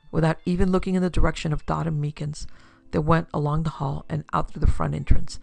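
A woman narrates a classic pulp detective story at an even, storytelling pace. Her voice has a gravelly texture at a middle pitch. The recording is dry and close, with faint music underneath. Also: fast talker, dry recording. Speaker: narrator and producer. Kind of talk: scripted narration of pulp fiction.

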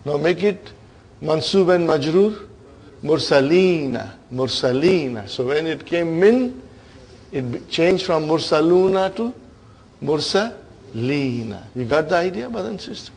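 A man's voice: on the high side, lively intonation, normal speed, vocal fry, a little mellow, breathy edge. A man teaching grammar in a classroom lecture, emphatic and often checking in with his listeners.

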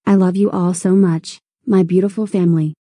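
A woman's voice: on the low side, steady tone, moderate pace, mellow, breathy edge, no room sound, clean studio sound. A woman voicing a sweet, cheerful young cartoon girl.

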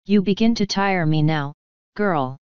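Woman voicing male elf king, languid, seductive, mocking, low smooth drawl, dry sound. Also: measured pace, dry recording, muffled recording, lightly acted.

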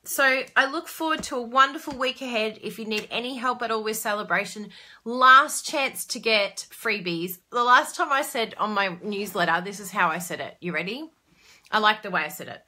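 Bright, chatty woman hosting a live stream, bubbly and quick to exclaim. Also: medium pitch. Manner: bubbly, chatty, reads viewer comments aloud; frequent laughs and excited exclamations. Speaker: crafting live-stream host. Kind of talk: casual live-stream chat.

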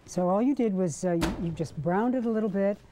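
A woman's voice: medium pitch, brisk, a little hiss or hum. A woman hosting a TV cooking segment in a studio kitchen, gushing over the food and signing off the show. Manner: gushing, warm sign-off delivery. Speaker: TV show host.

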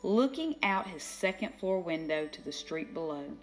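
An older woman reading a children's storybook aloud, slow and expressive, giving the characters their own voices. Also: on the low side, soft background music. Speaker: children's book reader.

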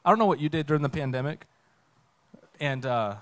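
A man giving a conversational sermon talk on a church stage, telling a story with lively acted-out quotes. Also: on the high side, fairly quick. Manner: animated storytelling, acts out quotes. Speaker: guest speaker.

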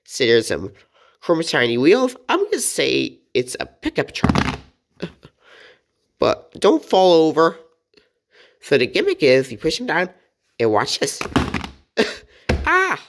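A woman's voice: low voice, sing-song, takes it slowly, pauses often. A woman hosting a casual toy review, chatty and playful, giggling often as she talks.

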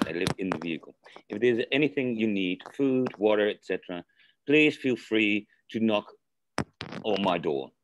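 A man with a Dutch accent on a video call, talking haltingly with many restarts and reading aloud slowly. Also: lowish voice, a little hiss or hum, rough recording. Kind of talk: casual group video-call chat.

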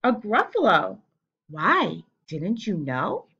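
A woman voicing a small, clever brown mouse in a storybook, unhurried and knowing. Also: medium pitch, wildly swooping pitch, sharp tone, slightly rough, muffled recording, full character voice. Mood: sly.

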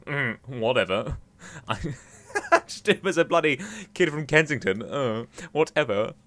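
A man's voice: fairly high pitch, sing-song, measured pace, fairly bright tone, no echo. A young man chatting and joking to himself as he plays a video game. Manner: chatty, jokey, talks to himself while playing. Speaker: gaming YouTuber. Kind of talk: gameplay commentary.

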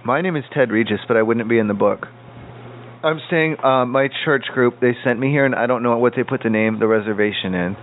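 A man's voice: medium pitch, fairly quick. A man making a prank phone call, playing a confused, rambling hotel guest. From United States. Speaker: prank caller. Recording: tinny phone-like line, faint noise.

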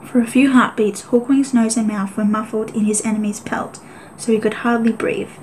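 A woman reading a children's animal adventure novel aloud as an audiobook, in a steady, even voice. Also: fairly high pitch, normal speed, a little hiss or hum, low-quality recording. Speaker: audiobook reader. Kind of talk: audiobook narration.

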